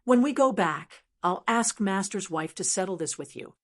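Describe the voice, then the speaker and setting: A boastful male martial arts master from an audiobook, blustering and scolding loudly, as a woman puts him on. His voice leaps high when he is flustered, and he sounds proud of himself. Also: animated, normal speed. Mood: blustery scolding. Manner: loud scolding, embarrassed bluster.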